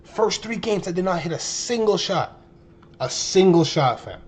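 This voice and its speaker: A man in his twenties telling a story to his viewers in a casual, animated way, full of slang and exaggeration. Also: high-pitched, unhurried, noisy background. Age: 20s. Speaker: streamer.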